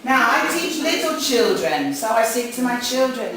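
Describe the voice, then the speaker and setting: A woman's voice: on the high side, moderate pace, far from the mic, a crowd in the background. A woman from New Zealand with a New Zealand accent giving a chatty, jokey talk to English teachers at a conference. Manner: chatty, jokey, animated with audience asides. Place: conference hall. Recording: echoey hall, speaker off-mic at times.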